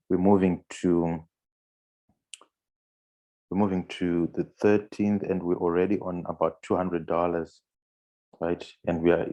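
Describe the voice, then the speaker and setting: This man's voice sits low with a dark tone as he leads a screen-share trading tutorial. Guiding viewers through the steps on screen, he often restarts and fills pauses.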